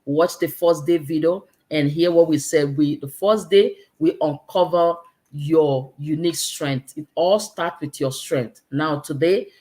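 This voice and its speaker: A woman's voice: low-pitched, a little slow, dark tone. A middle-aged woman hosting an online confidence challenge, giving an earnest, preachy, conversational faith-based motivational talk.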